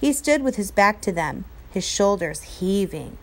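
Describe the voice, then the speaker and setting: Lively, expressive woman teacher reading aloud. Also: mid-range voice, measured pace, few pauses, a little hiss or hum.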